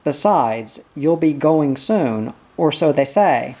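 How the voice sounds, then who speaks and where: A slow-paced reader voicing Pod, a tiny, weary, stubborn father who speaks in an expressionless, tired way in an audiobook. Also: mid-range voice, lively intonation, dark tone. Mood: flat weary. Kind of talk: audiobook character reading.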